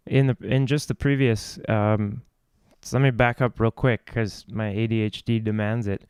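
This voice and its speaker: A man's voice: fairly low pitch, steady tone, moderate pace, a little mellow, clear, resonant tone, dry recording, studio quality. A man hosting a casual video chat about singing, rambling and restarting his thoughts. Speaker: host.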